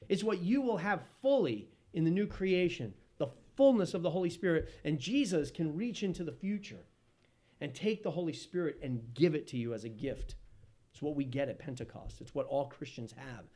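A man preaching a sermon as pastor, animated, swinging between loud emphasis and hushed tones. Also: high voice.

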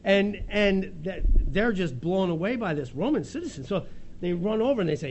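A man with a fairly high voice delivers a sermon, telling the story with animated, chuckling energy. A faint hum sits under his voice. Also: moderate pace. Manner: lively storytelling, acts out the scene with chuckles. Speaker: pastor.

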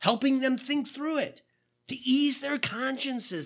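A man in his fifties delivering a sermon in a church, his voice high and bright with a slightly husky edge. He keeps it loose and conversational and asks the congregation rhetorical questions, his pitch swinging widely as he goes. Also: slow pace. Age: 50s. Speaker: pastor.

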